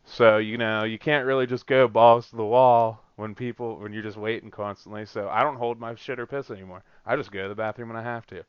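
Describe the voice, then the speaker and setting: A man's voice: lowish voice, fairly quick, hardly any pauses, clear, resonant tone, no room sound. Swearing, laughing man on lo-fi podcast audio. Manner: animated storytelling, frequent swearing and laughter. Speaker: podcast host. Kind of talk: casual chat. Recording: dull lo-fi dry recording.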